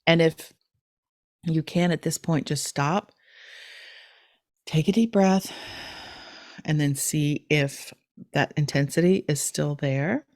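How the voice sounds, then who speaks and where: Low-voiced middle-aged woman explaining gently. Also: slow, pauses often, no echo, clean studio sound. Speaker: podcast host teaching a technique. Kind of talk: casual instructional chat.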